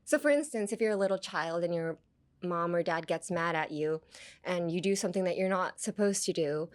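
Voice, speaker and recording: A woman's voice: fairly low pitch, fairly quick. A young woman hosting a podcast, chatting casually as she explains English phrases from anime and switching between English and Japanese with frequent laughs. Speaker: podcast host teaching English through anime lines. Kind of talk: casual bilingual teaching chat.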